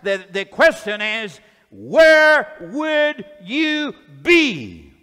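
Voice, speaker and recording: A man's voice: very high voice, big pitch swings, very slow, sharp tone, clear, resonant tone. A man preaching a fervent sermon and reading scripture aloud in a church hall. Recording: long hall reverb.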